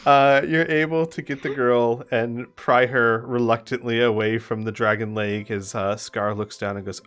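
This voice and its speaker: A man narrating a tabletop game as game master, lively and animated. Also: mid-range voice, moderate pace, hardly any pauses, faint music behind.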